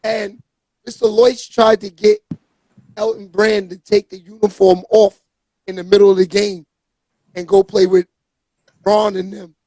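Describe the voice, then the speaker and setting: A man hosting a casual chat, telling stories animatedly and shouting out guests. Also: sits high, animated, measured pace, long pauses, dry recording. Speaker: podcast host.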